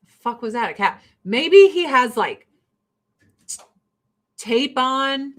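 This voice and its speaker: This get-ready-with-me vlog host hails from rural Illinois in the Midwest and talks bluntly and casually, full of swearing and laughter. Her voice is high-pitched and slow, with lively intonation.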